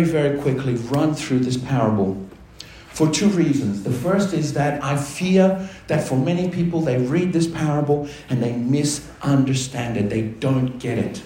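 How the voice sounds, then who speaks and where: A man's voice: medium pitch, slight background noise. Man preaching in an echoey church. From Australia. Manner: animated, asks the congregation questions. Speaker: pastor. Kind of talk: sermon. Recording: echoey church hall with faint ambience.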